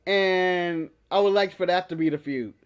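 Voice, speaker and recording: A high-pitched man co-hosting a loose wrestling chat show. He talks in an animated, joking way and laughs a lot. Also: moderate pace, smooth. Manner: animated, jokey, breaks into laughter and mock voices. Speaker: podcast co-host. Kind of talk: casual wrestling recap chat.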